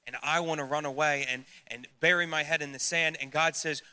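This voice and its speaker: A man's voice: on the high side, fairly even intonation, quick pace, few pauses, sharp tone, clear, resonant tone. A middle-aged man preaching a sermon as youth pastor, earnest and emphatic, speaking straight to his listeners.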